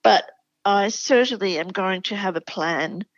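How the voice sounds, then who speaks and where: A woman's voice: medium pitch, unhurried, no room sound, lo-fi sound. An Australian woman, a literacy educator, explaining classroom spelling enthusiastically in a podcast chat. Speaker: literacy educator, show regular. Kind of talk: conversational podcast interview.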